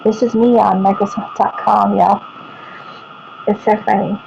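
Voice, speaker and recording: Middle-aged woman, Texan accent, gravelly, rambling calm vlog talk, muffled lo-fi sound, steady hiss behind her. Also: medium pitch, measured pace. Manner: calm, even and rambling, often trailing off and restarting. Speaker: vlogger. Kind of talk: casual talk to camera while showing her computer screen. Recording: dull lo-fi home recording with clear background noise.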